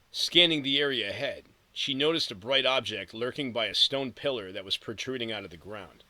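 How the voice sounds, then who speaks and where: A man narrating an audiobook in a steady storytelling read with vivid emphasis. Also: medium pitch, no room sound, rough recording.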